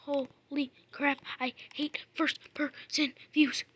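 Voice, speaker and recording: High, bright woman ranting over a game. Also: little pitch movement, takes it slowly. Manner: swings between muttering and frustrated shouting; exasperated, swears at the game. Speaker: gamer. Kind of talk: gameplay commentary.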